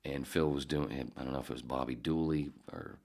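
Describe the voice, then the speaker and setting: A man's voice: a bass voice, fairly even intonation, brisk, vocal fry, a little mellow. A man in his fifties, a podcast host and former radio producer, tells rambling stories in a profane, digressive way, often correcting himself. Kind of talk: casual rambling storytelling.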